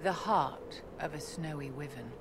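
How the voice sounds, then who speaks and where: In this game clip, an actress gives a low, unhurried voice to a poised, imperious court enchanter whose diction is formal and condescending. She sounds regal and aloof, and background noise runs under the game audio.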